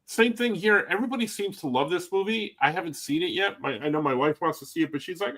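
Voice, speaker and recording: A man's voice: sits high, fast talker, fairly bright tone. A man with a wife and son chatting casually as a co-host, telling stories and laughing at them. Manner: chatty storyteller, laughs at his own stories. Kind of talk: casual chat.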